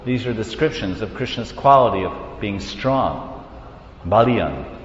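A man gives an animated devotional talk, his voice ringing through a roomy hall with a long reverb tail. The sound is dull and lo-fi, with faint noise underneath. He tells stories with lively energy. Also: lowish voice, measured pace. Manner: animated storytelling, laughs, sings syllables. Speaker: preacher. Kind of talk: devotional class.

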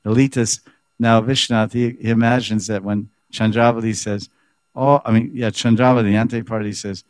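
A man's voice: lowish voice, fairly even intonation, moderate pace, no room sound. A man giving a scripture class, reading a commentary aloud and explaining it, acting out the quoted speakers with animation. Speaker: spiritual teacher.

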